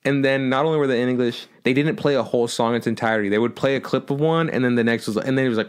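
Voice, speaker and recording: A man's voice: mid-range voice, fast, hardly any pauses. A man co-hosting a podcast, animatedly recapping a movie in casual chat, swearing often and jumping into silly voices for the characters. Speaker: podcast co-host.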